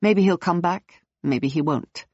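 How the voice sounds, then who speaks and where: A narrator voicing a calm circus woman who explains things in a measured way, on a dull, dry recording. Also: on the low side, slightly rough, no room sound. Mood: matter-of-fact.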